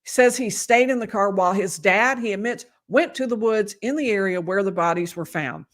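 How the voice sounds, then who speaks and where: At medium pitch and normal speed, a woman lawyer offers conversational live commentary on a court case. Her voice is going, so she keeps restarting sentences and throwing in emphatic asides.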